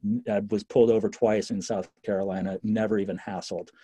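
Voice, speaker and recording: A man telling stories in a casual interview, lively and full of fillers and restarts. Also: on the low side, fairly quick, slightly rough, no room sound. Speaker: interview guest.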